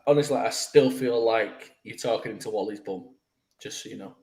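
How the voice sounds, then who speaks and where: A man's voice: on the low side, normal speed, a little mellow, reverberant. A man hosting a casual sports chat show, joking and teasing his co-host with some swearing. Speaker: podcast host.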